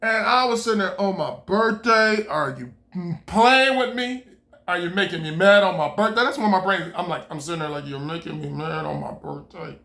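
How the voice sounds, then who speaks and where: A man with a high-sitting voice tells a casual story to the camera at a moderate pace. He's an animated storyteller who acts out both sides of the conversation with big swings of energy, swearing freely and laughing as he goes.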